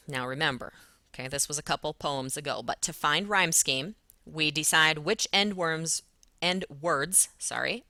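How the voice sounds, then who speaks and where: Woman, teacher, recorded lesson, patient step-by-step explaining, low pitch, dry close sound. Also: bright, forceful tone, no room sound. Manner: patient, talks students through each step.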